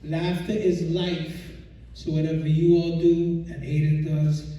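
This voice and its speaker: Young male stand-up comic, slightly high voice, distant mic in a big echoing hall with a laughing crowd. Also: little pitch movement, measured pace. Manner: storytelling, playful punchlines. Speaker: stand-up comedian. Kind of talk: stand-up set. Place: auditorium stage. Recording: roomy hall from far off, loud crowd.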